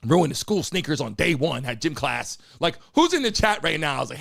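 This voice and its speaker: A man hosting a live show from a studio, talking to his chat in a loud, hyped way and swearing freely. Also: a little high, very animated, moderate pace, gravelly, hardly any pauses, dry recording. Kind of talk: energetic live-stream talk to chat.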